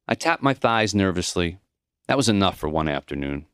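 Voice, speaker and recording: A man narrating his own memoir in an audiobook, reflective and intimate. His voice sits fairly low but moves through an animated range of pitch. The recording is dry and close, with no room sound. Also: moderate pace, smooth, dry recording. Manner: reflective, intimate first-person storytelling. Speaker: author reading his own book.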